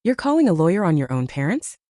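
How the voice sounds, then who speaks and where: A woman's voice: fairly low pitch, big pitch swings, fast talker, mellow, no echo, studio quality. A woman voicing an entitled, pushy mother who speaks harshly with a hardening tone. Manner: hissing, hardening.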